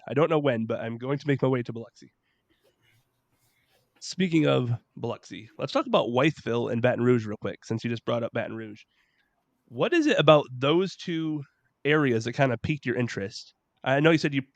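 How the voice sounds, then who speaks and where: A man hosts a casual interview, talking fast and asking friendly questions. His delivery is quick and easy. The sound is dry and close to the mic. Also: mid-range voice, no room sound. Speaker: podcast host.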